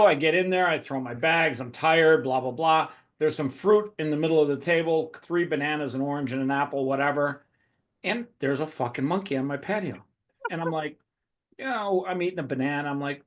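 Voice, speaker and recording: A male podcast host with a slightly raised pitch, telling stories in a loose, animated way and swearing freely as he chats with his guest. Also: brisk. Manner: animated profane storytelling. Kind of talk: casual conversation.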